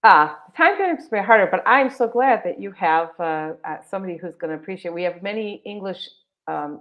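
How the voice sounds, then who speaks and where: A woman presenting a live webinar, walking viewers through a website in a chatty, enthusiastic way with many fillers. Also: low voice. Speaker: webinar presenter for a text library. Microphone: video call. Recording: dull lo-fi video call audio.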